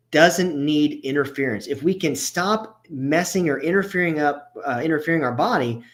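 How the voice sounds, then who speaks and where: A man giving a casual, conversational health workshop as a chiropractor, often restarting his sentences and stressing his key points. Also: fairly high pitch. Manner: casual and conversational, with frequent restarts and filler words. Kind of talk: informal health workshop talk.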